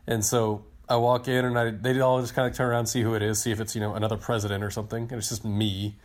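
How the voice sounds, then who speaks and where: A man in his thirties tells a story on a casual podcast. His voice sits a little low, and he rambles along with excitement, acting out the lines of the people in the story. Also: very fast, hardly any pauses. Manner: excited, rambling storyteller who acts out quotes. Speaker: podcast co-host, team digital director.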